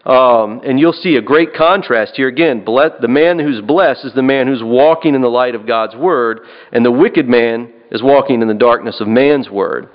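Man, preacher, sermon, earnest, repeats phrases, mid-pitched voice, muffled lo-fi recording. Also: normal speed, few pauses. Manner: earnest, repeats and restarts phrases, asks "right?". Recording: dull lo-fi recording.

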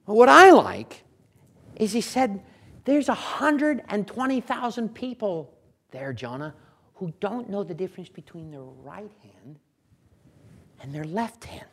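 A man preaching a sermon in a folksy, conversational way, chuckling now and then and building to loud, emphatic declarations. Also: high-pitched, animated, measured pace, slightly rough.

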